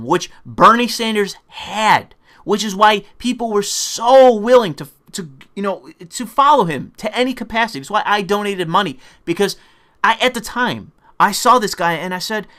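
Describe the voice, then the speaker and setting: Angry profane man, lively swooping pitch. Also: normal speed. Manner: profane, combative, sarcastic; mocking put-on voices when quoting opponents. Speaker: political commentator. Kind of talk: angry political rant.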